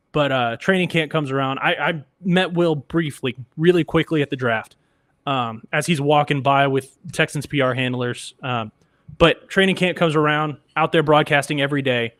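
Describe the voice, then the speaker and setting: A man's voice: fairly high pitch, a little fast, dry recording, studio quality. Upbeat man telling a sports story. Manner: animated anecdotes, acts out quoted voices. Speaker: radio engineer, podcast guest. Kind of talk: casual storytelling.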